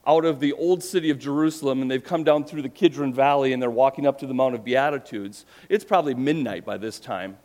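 Middle-aged male pastor, animated storytelling sermon, expressive delivery. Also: mid-range voice, fast, few pauses. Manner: animated storytelling, voices quotes with rising emphasis.

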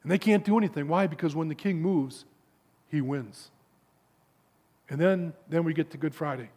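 At normal speed, a man delivers a sermon to a men's gathering, telling stories with stammered repetitions and dropping into a hushed low tone when he wants emphasis.

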